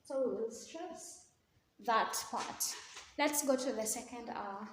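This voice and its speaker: A woman's voice: fairly high pitch, slow pace. A woman teaching an exam revision lesson, explaining step by step and repeating key words. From Kenya. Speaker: English teacher. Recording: echoey room with faint noise.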